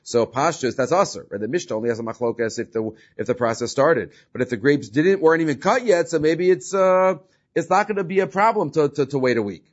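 A man's voice: fairly high pitch, expressive, a little fast. A man teaching a Talmud class, explaining step by step, often checking with "right?" and mixing in Hebrew and Aramaic terms. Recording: slightly dull lo-fi recording.

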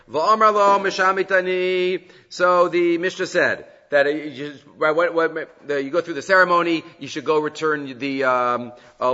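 Man, Talmud lecture, bright forceful voice, long hall reverb, dull muffled sound. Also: fairly high pitch. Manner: animated, acts out quoted speakers, mixes Hebrew and Aramaic terms. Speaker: Talmud teacher.

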